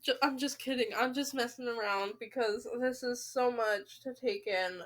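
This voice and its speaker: A woman with a high voice reads a novel aloud, stopping often for big dramatic reactions and exclamations. Her reading is lively and expressive throughout. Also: moderate pace, few pauses. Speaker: book reader.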